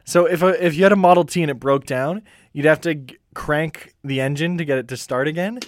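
A man's voice: on the high side, brisk, no echo, studio quality. A man, co-hosting a podcast in casual, joking chat and laughing often. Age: 20s. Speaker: podcast co-host.

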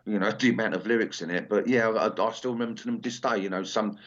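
Speaking fast in a lowish voice with fairly even intonation, this English man in his sixties is a punk singer. He rambles through a casual interview chat, full of ums and restarts, on a slightly dull lo-fi recording.

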